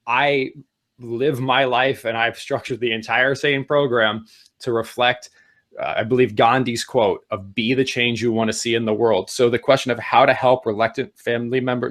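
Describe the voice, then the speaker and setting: A middle-aged man co-hosting a talk show, giving casual advice and speeding up as he gets excited. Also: medium pitch. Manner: animated, speeds up when excited. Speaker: podcast co-host.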